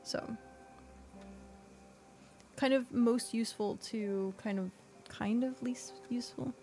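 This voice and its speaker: A woman's voice: on the high side, fairly even intonation, slow pace, warm tone, soft background music. A woman streaming a game, chatting casually and thinking aloud with lots of fillers. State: hiccuping. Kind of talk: casual gameplay chat.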